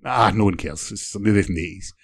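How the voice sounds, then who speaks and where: Guy, kinda low voice, dry close sound, cracks dry jokes on a podcast. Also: quick pace, a bit bright, slightly rough, dry recording. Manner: dry, joking, tells theories at length. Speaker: podcast co-host. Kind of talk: casual chat.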